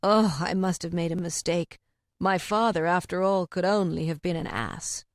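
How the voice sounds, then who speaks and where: A woman's voice: on the low side, steady tone, normal speed, no echo, studio quality, natural voice. A woman voicing a self-important young male mule in a storybook reading, dramatic in manner. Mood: dejected. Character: boastful, then weary young male mule.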